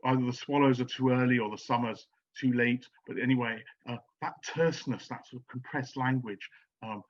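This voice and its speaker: A man giving an academic lecture on poetry, pausing often with ums and restarting his sentences. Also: medium pitch, slightly rough, muffled recording. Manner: hesitant, many ums and restarts.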